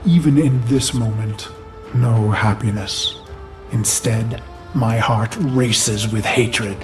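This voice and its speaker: Ordis: a haunted, vengeful warlord. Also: male voice, on the low side. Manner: slow, grave, haunted inner monologue. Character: brooding, vengeful human warlord recalling his past. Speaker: narrator of a memory. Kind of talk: game cutscene narration.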